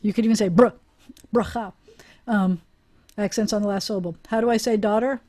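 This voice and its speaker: A woman's voice: medium pitch, steady tone, fast talker, warm tone. A woman rabbi teaching a Hebrew class over a video call, chatty and encouraging, often laughing with her students.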